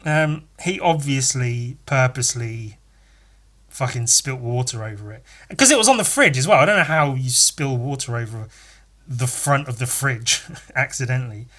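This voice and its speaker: A man's voice: mid-range voice, animated, moderate pace, pushed and bright. A man hosting a podcast in a casual, profane, rambling rant, exasperated and often laughing. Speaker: podcast host. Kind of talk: casual ranting monologue.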